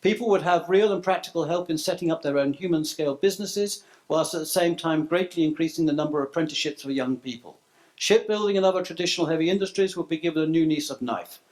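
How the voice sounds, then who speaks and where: Brief: middle-aged man, conference speaker, fairly high voice, reads his points then riffs off script. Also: quick pace, darkish tone. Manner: reads a list of proposals, then ad-libs with stumbles and asides. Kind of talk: prepared speech to a live audience. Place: conference room.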